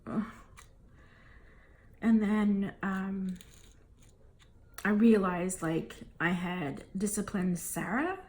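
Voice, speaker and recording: A woman's voice: mid-range voice, extremely slow, long pauses, a little mellow. A woman in her thirties or forties, telling a frustrating family story to camera in a casual, venting way and acting out what everyone said. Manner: exasperated, venting, acts out family dialogue. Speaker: vlogger.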